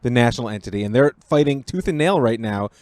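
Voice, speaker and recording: A man, a rabbi, talking on a podcast in a measured, analytical way. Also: medium pitch, expressive, darkish tone, no echo. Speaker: rabbi co-host. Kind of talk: casual podcast conversation.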